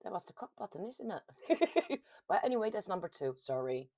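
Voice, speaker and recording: A Dutch-accented woman from the Netherlands hosts a casual paranormal community livestream, reading viewer comments aloud. She's chatty and giggly, laughing and saying "um" a lot, with sudden lively pitch jumps, at a moderate pace with no room sound.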